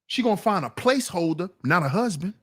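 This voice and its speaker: High pitched guy, blunt casual rant, scolding his chat. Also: expressive, quick pace, fairly bright tone. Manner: blunt, scolding, talks back to viewers. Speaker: commentary channel host.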